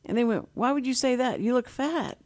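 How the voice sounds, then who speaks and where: A woman's voice: fairly high pitch, a little fast. A middle-aged woman, a sign language interpreter, telling stories in casual chat and acting out quoted voices with laughter. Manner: animated, acts out quotes with laughter.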